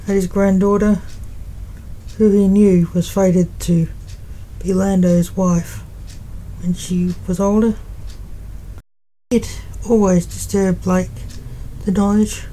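A woman reading a fan fiction story aloud in a plain, unhurried storytelling manner. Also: mid-range voice, level tone, mellow, a little hiss or hum, low-quality recording. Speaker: story reader.

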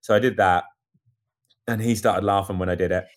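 A man tells a story in casual chat, talking quickly in a fairly low voice. He acts out what others said as he goes, keeping the telling lively. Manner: animated storyteller acting out quotes. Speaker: amateur cyclist recounting a race.

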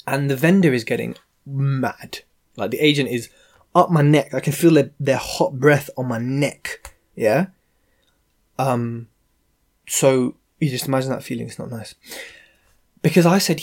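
A man hosting a podcast, ranting in an animated, sarcastic and exasperated way. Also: mid-range voice, moderate pace, long pauses. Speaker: podcast host, property investor. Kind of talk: casual ranting monologue.

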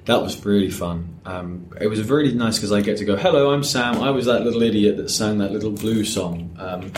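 Animated young man in a roomy space. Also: lowish voice, fairly quick, slight background noise. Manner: animated storyteller, many ums. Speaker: podcast guest, stage actor. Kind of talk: casual chat. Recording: roomy echo.

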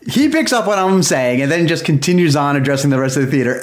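Lively, animated male storyteller. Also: a little high, a little fast, hardly any pauses. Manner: animated storyteller, laughs often. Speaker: podcast co-host. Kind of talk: casual chat.

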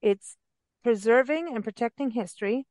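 A woman hosting a radio interview, talking in an enthusiastic, rambling, chatty way with quick laughs. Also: fairly high pitch, darkish tone, dry recording. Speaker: radio show host. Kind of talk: casual interview chat. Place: travel and parks radio show.

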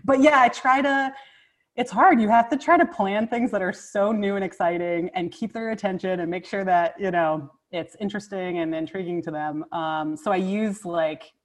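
A woman's voice: medium pitch, moderate pace. Bubbly woman guest who laughs easily. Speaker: guest speech therapist. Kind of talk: casual interview chat.

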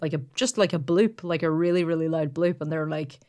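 A woman's voice: deep voice, brisk, a little mellow. A woman co-hosting a podcast, rambling in casual chat and stacking up "like" fillers. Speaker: podcast co-host.

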